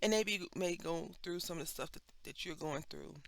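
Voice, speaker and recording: A woman's voice: lowish voice, a little fast, vocal fry, no echo. Chatty Texan woman crafting. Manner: chatty, rambling, animated asides. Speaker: craft vlogger. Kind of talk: casual chat while stamping.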